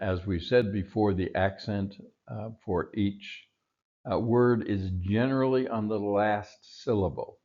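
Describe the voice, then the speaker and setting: A man teaching a recorded Hebrew vocabulary lesson, patiently repeating each word slowly. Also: lowish voice, darkish tone, lo-fi sound.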